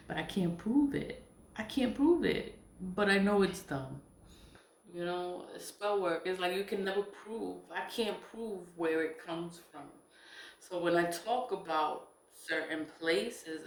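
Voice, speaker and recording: A woman in a rambling personal monologue, emphatic and repetitive, swearing at times and trailing off with soft laughs. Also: on the low side. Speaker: spiritual vlogger. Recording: roomy echo.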